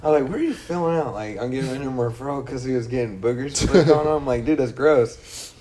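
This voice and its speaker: A man's voice: mid-range voice, fairly even intonation, brisk, crowd noise. A young man casually telling a long, rambling story to friends on a podcast, acting out quotes and swearing freely. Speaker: podcast co-host.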